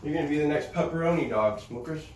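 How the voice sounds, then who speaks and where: A man's voice: a little high, fast talker, slight background noise. A man chatting casually on a live stream, coaxing his dog in a playful sing-song way. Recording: echoey, roomy sound with faint ambience.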